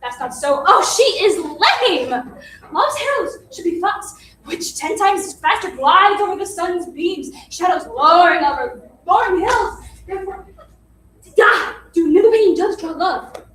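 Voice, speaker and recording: A woman plays an eager young girl in love who cannot wait for news. The voice is very high and lively with a pleading push. It sounds distant in an echoey hall with faint noise. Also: a little slow, exaggerated voice. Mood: impatient. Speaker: amateur stage actor. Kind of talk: unrehearsed stage reading. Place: theater stage.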